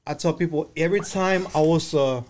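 A man's voice: fairly high pitch, a little fast, darkish tone. A middle-aged man telling his life story in casual conversation, passionate and heavy on profanity.

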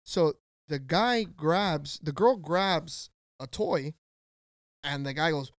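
Slangy, swearing, and animated, a man co-hosting a podcast tells a story in casual conversation and performs the voices of those he quotes. His voice is a little high and his pace moderate, recorded at studio quality with no room sound.

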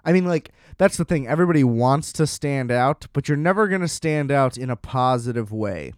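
A man's voice: medium pitch, animated, brisk, no echo, clean studio sound. A man casually telling a rambling, self-deprecating story, often laughing at himself.

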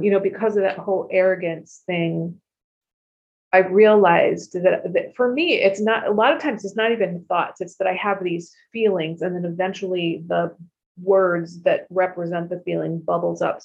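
A woman in her fifties sharing her recovery story frankly and expressively, with casual swearing and quick asides. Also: on the low side, steady tone, gravelly. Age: 50s. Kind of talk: candid personal testimony. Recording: dull lo-fi recording.

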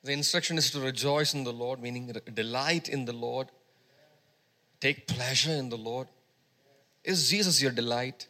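Bright-voiced man preaching call-and-response. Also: medium pitch, normal speed, long pauses. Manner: call-and-response, asks congregation to repeat words. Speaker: pastor. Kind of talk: sermon. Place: church service.

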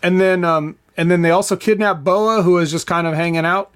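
Man, slightly high voice, podcast co-host, hesitant, deadpan. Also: fairly quick, smooth. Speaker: podcast co-host, former wrestler. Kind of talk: casual wrestling review chat.

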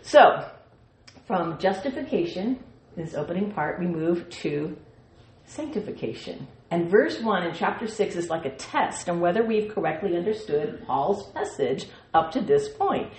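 A woman's voice: lowish voice, very animated, unhurried, darkish tone. A woman teaching a Bible study in a playful way, with laughing asides and her own sound effects. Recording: echoey room.

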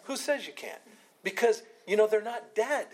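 Animated, breathy man teaching scripture. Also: high-pitched, moderate pace, poor audio. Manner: animated, repeats words and restarts, laughs often. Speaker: Bible study teacher. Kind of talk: informal Bible study teaching.

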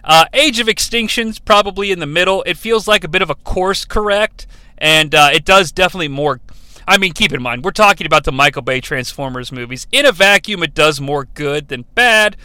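A high-pitched man with a bright, crisp voice hosts a casual countdown show. He sounds enthusiastic, laughs often and drifts into asides, recorded dry and close with no room sound. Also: lively intonation, fairly quick, no room sound.

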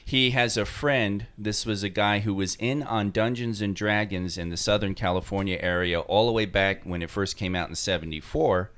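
A man's voice: fairly low pitch, moderate pace, few pauses, a bit bright. A man with a New York accent explaining things at length in a casual chat, with many fillers.

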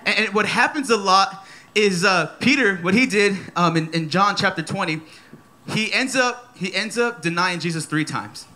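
This sermon comes from a man in his thirties with a high-pitched voice and a moderate pace. He preaches energetically and playfully at a church service, repeating his main phrases.

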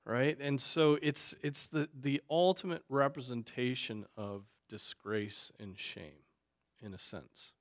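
A man, a pastor, teaching a Sunday school class in a conversational way, often stopping to ask "right?" and filling pauses with "um" and "you know". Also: on the low side. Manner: conversational, many fillers and tag questions. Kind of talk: unscripted Bible class teaching.

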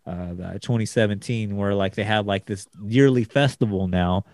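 Man, low voice, rambling casual podcast chat, lots of fillers, dry sound. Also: normal speed, a little mellow, no echo. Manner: rambling, heavy with filler words. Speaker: podcast co-host.

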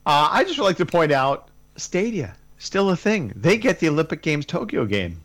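A man's voice: a little high, sing-song, moderate pace, a bit bright. A man hosting a gaming podcast in casual chat, dry and teasing as he moves the show along. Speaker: podcast host.

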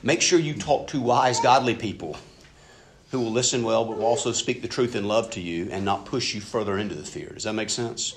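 A man preaching a sermon in an earnest, conversational way, swinging between loud and hushed passages. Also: fairly low pitch, a little fast. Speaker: pastor.

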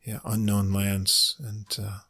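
A middle-aged man with a low, gravelly and husky voice co-hosts a music podcast. He talks in a laid-back, hesitant way, with plenty of fillers and dry asides. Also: completely flat delivery, slow pace, pushed and bright. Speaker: podcast co-host. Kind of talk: casual chat.

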